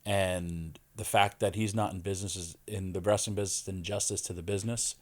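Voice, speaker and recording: A man with a somewhat low voice, talking as a guest on a podcast. He tells stories in a loose, casual way. He jumps into the voices of the people in them and raises his voice for their lines. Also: a little fast. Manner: animated storyteller, acts out quoted lines. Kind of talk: casual interview storytelling.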